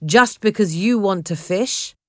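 A woman's voice: mid-range voice, measured pace, darkish tone, no room sound, clean studio sound, close to an everyday voice. A woman voicing a spoiled, whiny rich teenage boy who complains and makes demands in a storybook reading. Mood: demanding. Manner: petulant, complaining.

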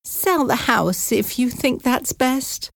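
A woman voicing a frightened, fretful elderly aunt in an audiobook, pleading in a high, trembling voice. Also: animated, slow, creaky, no room sound, studio quality, heavily acted. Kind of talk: audiobook character voice.

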